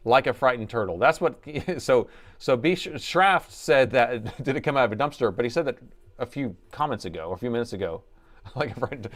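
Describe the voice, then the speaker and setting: A man in a loose, rambling live-stream chat, talking at a middle pitch as he reads out viewer comments and laughs along with them. He wanders from one thought to the next and keeps it easygoing. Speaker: laptop repair technician streaming live.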